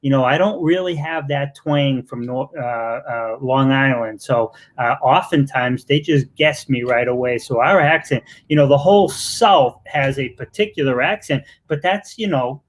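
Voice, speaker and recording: A man's voice: medium pitch, a little slow, few pauses. A man with a Boston accent hosting a live interview, talking in an effusive, rambling way with lots of fillers. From Massachusetts. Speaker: interview host. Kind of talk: casual live interview chat.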